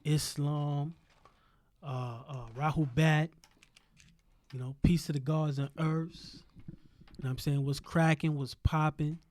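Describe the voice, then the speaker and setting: Male podcast host, slightly high voice, preachy and rhetorical, loose casual delivery. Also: fairly even intonation, takes it slowly, pauses often, a little mellow. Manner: preachy, rhetorical questions, repeats "you know what I'm saying".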